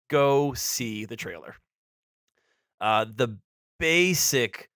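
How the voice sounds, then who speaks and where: A man's voice: mid-range voice, a bit bright, no echo, clean studio sound. Chatty man co-hosting a film podcast. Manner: chatty, laughs often, stumbles over names. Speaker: podcast co-host. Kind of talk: casual film discussion.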